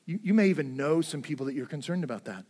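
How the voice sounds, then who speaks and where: A man preaching a sermon in an earnest way, swinging between hushed, low passages and emphatic, louder ones. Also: expressive, fast, husky. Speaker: pastor.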